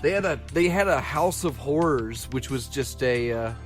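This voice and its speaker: A man's voice: mid-range voice, animated, normal speed, soft background music. A man co-hosting a casual comedy podcast, telling a long rambling story and slipping into silly voices. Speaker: podcast co-host.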